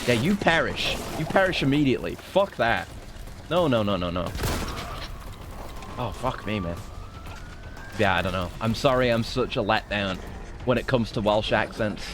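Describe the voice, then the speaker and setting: A man's voice: lowish voice, lively intonation, normal speed, long pauses, background noise. A man streaming a video game, chatting casually in a profane, joking, rambling way. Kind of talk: casual gameplay commentary.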